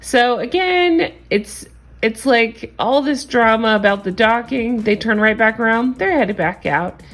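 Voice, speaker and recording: A woman's voice: on the high side, lively intonation, measured pace, a bit bright, soft background music. A woman vlogger giving a casual, chatty recap of a reality show, frank and gossipy, with frequent laughs and casual swearing.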